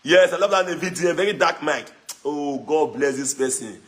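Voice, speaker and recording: A young Nigerian man from Edo with a local accent, talking loosely on a phone livestream, mixing in pidgin, animated and mocking with frequent laughs. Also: a little high, normal speed. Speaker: social media livestreamer. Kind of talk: casual livestream chat.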